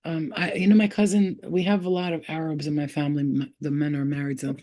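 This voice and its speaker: Woman host for a casual spiritual livestream. Lowish, mellow voice. Rambling, slangy and profane, warmly devoted to viewers. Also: level tone, fast. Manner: affectionate toward viewers, often saying she loves them. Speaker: spiritual reader hosting a livestream.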